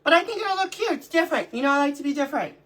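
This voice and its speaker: A woman's voice: sits high, expressive, very fast, fairly bright tone. A middle-aged woman hosting a live crafting stream, chatting casually, greeting viewers by name and talking to herself as she works. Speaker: livestream crafting host.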